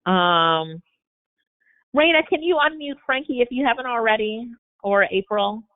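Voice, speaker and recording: A woman's voice: a little high, expressive, unhurried. A woman hosting a live Q&A coaching session on a video call, upbeat and motivational. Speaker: webinar host. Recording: tinny phone-like webinar audio.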